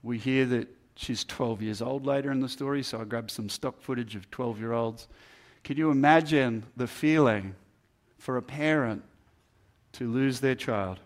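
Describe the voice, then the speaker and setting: A man's voice: medium pitch, a little slow. A man preaching a sermon, earnest and building emphasis through repeated phrases. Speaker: pastor.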